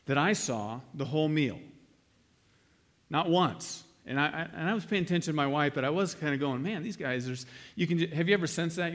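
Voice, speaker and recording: A middle-aged male pastor delivering a sermon in a loose, conversational way, slipping into playful acted-out exchanges. His voice sits a little higher than most men's. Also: fairly bright tone. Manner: conversational, acts out quoted exchanges with humor.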